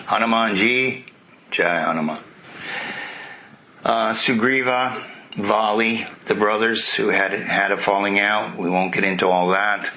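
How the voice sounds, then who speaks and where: A man's voice: lowish voice, sharp tone. A man retelling a sacred epic as a spiritual teacher, talking conversationally and turning aside to question his listeners. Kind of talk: retelling scripture with commentary. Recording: muffled lo-fi recording, faint hiss.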